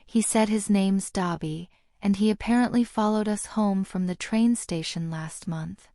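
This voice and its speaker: A woman voicing a calm, sensible young boy wizard in an audiobook, matter-of-fact in manner. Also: medium pitch, a little slow, dry recording, clean studio sound, close to an everyday voice. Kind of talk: audiobook character reading.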